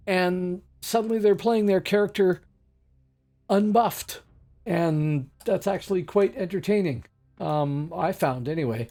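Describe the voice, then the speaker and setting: A man's voice: high-pitched, measured pace, darkish tone. A man giving casual, rambling gameplay commentary as a streamer, chatty with many fillers and asides. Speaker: game streamer.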